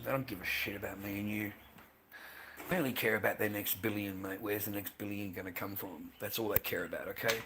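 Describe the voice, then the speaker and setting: A man with an Australian accent in a casual vlog monologue, ranting bluntly and profanely, repeating himself and calling the listener "mate". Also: on the low side. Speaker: vlogger. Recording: noisy background.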